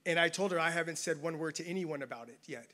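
Pastor guy at church, high bright voice, jokey storytelling sermon. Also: quick pace. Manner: humorous, self-deprecating storyteller. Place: church campus service.

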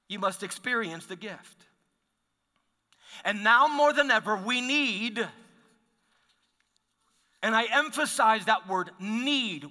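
Speaking slowly with big pitch swings, a male pastor's high, pushed, bright voice rings through a large hall in a church sanctuary. His sermon unfolds as conversational storytelling full of restarts.

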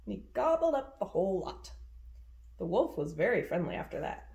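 A woman hosting a virtual storytime, reading a children's picture book aloud with expressive, animated narration. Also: mid-range voice, moderate pace, gravelly. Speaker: storytime reader.

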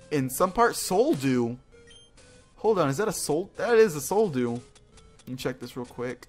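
A man doing casual let's-play commentary, excitable and talking to his game team. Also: on the high side. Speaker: gaming YouTuber.

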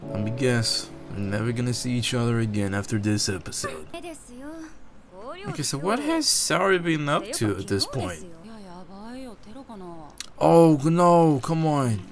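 A man giving a live reaction commentary, excitable and full of casual slang. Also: medium pitch. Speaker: anime reaction creator.

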